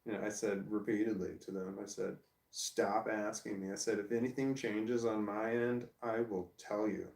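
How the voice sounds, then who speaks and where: A man's voice: fairly low pitch, level tone, moderate pace, vocal fry, darkish tone. A middle-aged man venting bluntly and profanely in a personal video rant, repeating himself as he goes. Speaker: vlogger. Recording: echoey room, distant from mic.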